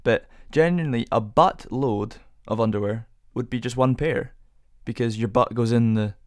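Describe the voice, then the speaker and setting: A man's voice: mid-range voice, moderate pace, dry recording, clean studio sound. A young man hosting a casual solo podcast, rambling through rhetorical questions with self-amused musing. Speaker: podcast host.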